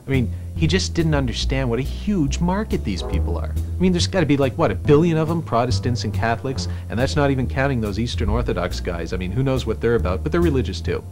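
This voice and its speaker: A man's voice: medium pitch, expressive, quick pace, hardly any pauses. A man as a film producer in a mockumentary interview, ranting and sarcastic, swearing freely. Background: music.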